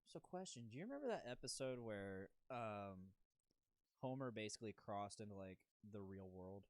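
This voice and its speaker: A man's voice: on the low side, expressive, moderate pace, no echo. A man co-hosting a podcast, telling stories in a rambling, casual way with frequent restarts. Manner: rambling, loose storytelling with restarts. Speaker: podcast co-host. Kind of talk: casual chat.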